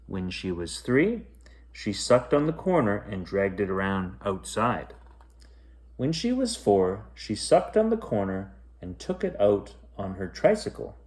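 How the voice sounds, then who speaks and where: A man reads a children's picture book aloud at bedtime in an expressive way. He takes his time with each line, and his pitch rises and falls freely. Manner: expressive, lilting. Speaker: storyteller. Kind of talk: bedtime story read-aloud.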